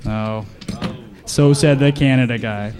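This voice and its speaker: A man giving a comedic conference talk, deadpan and sarcastic, bantering with the audience from the stage. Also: mid-range voice, a little slow. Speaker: conference speaker.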